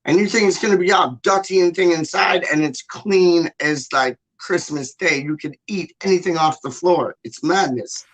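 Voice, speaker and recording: A man chatting casually with an animated, slang-heavy way of talking and a lot of swearing. His voice sits a little higher than most men's. He acts out what people said as he goes. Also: moderate pace, hardly any pauses. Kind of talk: casual chat.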